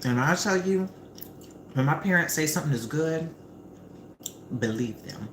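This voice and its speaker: A young woman hosting a casual livestream while cooking, an animated, chatty storyteller who swears freely. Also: sits low, a little slow. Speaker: livestream host. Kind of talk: casual live-stream chat while cooking. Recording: roomy with faint background noise.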